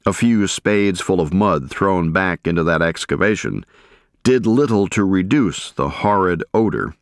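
A man narrating a first-person war memoir in a measured, grave storytelling manner. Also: sits low, lively intonation, no room sound, studio quality. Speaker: audiobook narrator.

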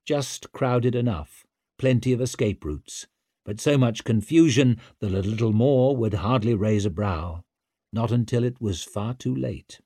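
A man reading a novel aloud as narrator, in a measured, tense manner. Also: medium pitch, lively intonation, mellow, no room sound, clean studio sound. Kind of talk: scripted audiobook narration.

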